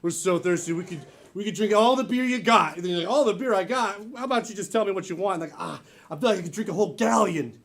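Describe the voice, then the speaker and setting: An improv performer rattling off bar jokes on stage, animated and quick to laugh. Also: medium pitch, vocal fry. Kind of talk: improvised joke-telling. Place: comedy theater stage.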